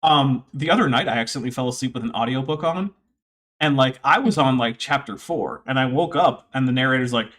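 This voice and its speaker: A man hosting a casual stream, reacting to a debate clip with sarcastic, animated asides. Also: mid-range voice, fairly quick. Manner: sarcastic, animated mock quoting. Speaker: host.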